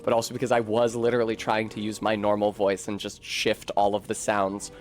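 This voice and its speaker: A man's voice: on the low side, monotone, a little fast. American man, game streamer, casual commentary, rambling, self-correcting, faint background music. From United States. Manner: chatty, rambling, with frequent self-corrections and swearing.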